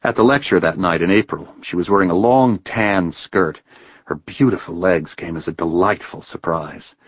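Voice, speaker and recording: A man reading a novel aloud in a measured, even way as an audiobook narrator. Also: low-pitched, dry recording, highs cut off. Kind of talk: scripted narration.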